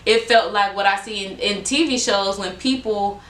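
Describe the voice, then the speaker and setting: A woman's voice: medium pitch, normal speed, a bit bright. A woman in her twenties telling a casual storytime vlog, rambling with many fillers and acting out quoted exchanges. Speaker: vlogger. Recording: echoey room with faint background noise.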